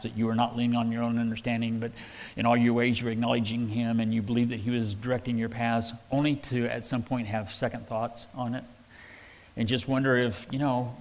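A man's voice: medium pitch, level tone, brisk, darkish tone. Man preaching in a reverberant hall. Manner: conversational, folksy, with restarts and paraphrased quotes. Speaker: pastor. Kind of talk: verse-by-verse sermon.

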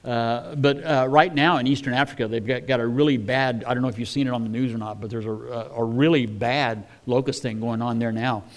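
A man gives a sermon in an easygoing, conversational way, as though chatting with his congregation. His mid-range voice moves briskly with few pauses, and his folksy delivery is full of fillers and restarts. He is a preacher.

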